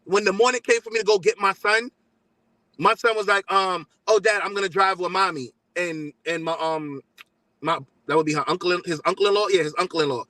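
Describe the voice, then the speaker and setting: Fast, bright-voiced New man. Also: sits high, dry recording, poor audio. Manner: animated, acts out both sides of texts and talks. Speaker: guest father telling his story. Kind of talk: casual storytelling.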